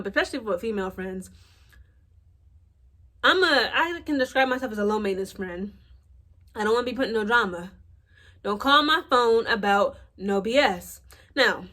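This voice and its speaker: A woman's voice: on the high side, a bit bright. Blunt, exasperated young woman ranting. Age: late 20s. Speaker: vlogger. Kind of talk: casual storytelling rant.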